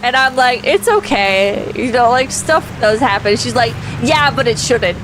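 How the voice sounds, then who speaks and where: Woman with a high voice rambling through a funny story, laughing a lot, faint hum behind her. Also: measured pace. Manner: animated, laughing, swearing freely. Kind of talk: casual storytelling on a stream.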